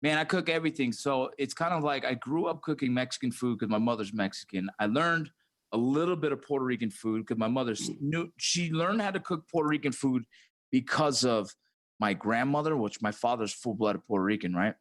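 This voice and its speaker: A man's voice: mid-range voice, a little fast. A man hosting a casual chat, talking loosely and swearing, often saying bro and dude. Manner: loose, profane, calls people bro and dude. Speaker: host.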